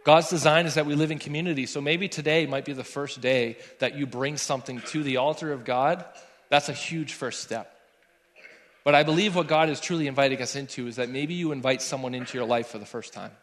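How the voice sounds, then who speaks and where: A man's voice: medium pitch, brisk. Young male worship leader, storytelling sermon, voices the dialogue, long hall reverb. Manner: animated storyteller acting out dialogue. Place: church sanctuary.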